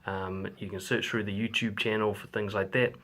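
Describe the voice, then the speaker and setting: With a low-leaning, fairly bright voice, a man gives relationship advice to camera at a moderate pace and in a level tone. The coach is direct and swears freely, acting out example lines along the way.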